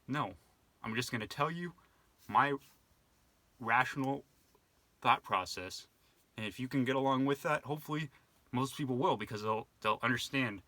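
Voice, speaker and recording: A man's voice: medium pitch, normal speed, long pauses, pushed and bright, dry recording. A young man talking on his own in a rambling, reflective way, with many fillers and restarts, as a vlogger. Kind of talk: casual monologue to camera.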